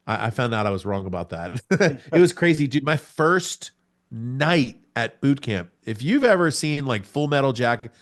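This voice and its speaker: A middle-aged man tells his story as a guest on a talk show. His voice sits in the middle range for a man and often jumps far higher as the story gets exciting. He laughs often and speaks in a casual, lively way. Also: moderate pace. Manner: animated, laughing storyteller who jumps to a much higher pitch at the exciting moments. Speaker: podcast guest.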